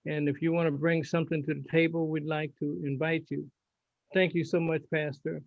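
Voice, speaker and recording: A man hosting an online health forum, giving halting closing remarks over a video call and slowly spelling out contact details. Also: on the high side, level tone, gravelly, dry recording, narrow, tinny audio.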